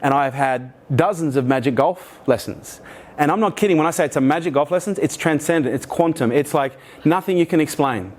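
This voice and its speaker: Speaking fairly quickly in a fairly high voice, this middle-aged Australian keynote speaker retells a story to a live audience. He's energetic and animated, and he swears often.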